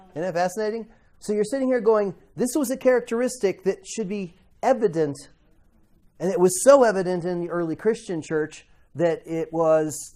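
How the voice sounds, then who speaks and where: With a fairly high pitch, a man talks through a Bible lesson with his class, asking them questions and dramatizing quoted speakers through sudden shouts.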